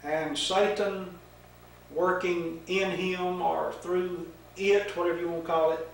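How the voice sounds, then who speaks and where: Older man slowly telling a Bible story. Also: sits high, flat delivery, a little hiss or hum. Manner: slow, folksy storytelling with fillers. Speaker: Bible teacher. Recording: echoey room, mic far off.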